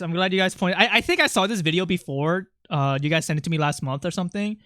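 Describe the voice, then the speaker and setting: Game streamer, voice changer on, bright tone, dry close sound, excitable, rambling, laughs a lot. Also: mid-range voice, quick pace, hardly any pauses, dry recording. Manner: excitable, rambling, laughs often, reacts to chat. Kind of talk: casual livestream chat while gaming.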